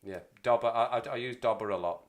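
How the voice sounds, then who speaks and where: A man's voice: medium pitch, quick pace. A man in his forties hosting a casual livestream chat, rambling and self-deprecating as he talks to viewers. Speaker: livestream host.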